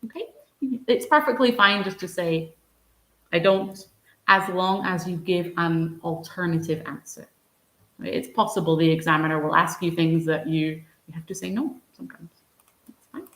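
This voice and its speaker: A woman's voice: lowish voice, normal speed, fairly bright tone. A woman teaching English in a live online lesson, patient and encouraging, answering viewers by name. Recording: roomy echo.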